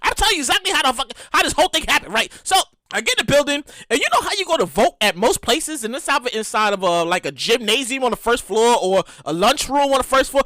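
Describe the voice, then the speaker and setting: A woman with a New York accent hosting a podcast, telling stories in a casual, animated, profane way with exaggerated reenactments. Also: high-pitched, quick pace, few pauses, no room sound. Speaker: podcast host. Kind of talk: casual storytelling monologue.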